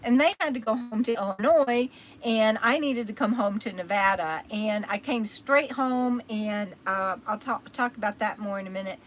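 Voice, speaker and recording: A woman's voice: on the high side, moderate pace, a little hiss or hum, poor audio. A woman with a Texas accent, tired and getting over an illness, chatting rambly on her live stream and thanking viewers by name. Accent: Texan. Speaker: livestream host. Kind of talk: casual live-stream chat.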